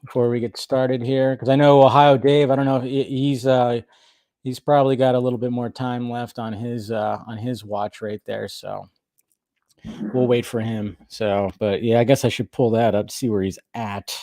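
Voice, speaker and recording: A man's voice: medium pitch, little pitch movement, moderate pace, dark tone, dry recording, clean studio sound. Chatty man hosting a live stream. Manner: chatty, thinks aloud while setting up. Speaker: stream host. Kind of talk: casual live-stream chat.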